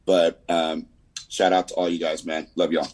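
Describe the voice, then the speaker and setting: A man's voice: deep voice, flat delivery, normal speed, heavy background noise. A man from California's San Fernando Valley with a Southern Californian accent, giving a rambling, laid-back sales update on a video call, full of fillers and "man". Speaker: insurance agent giving a weekly report.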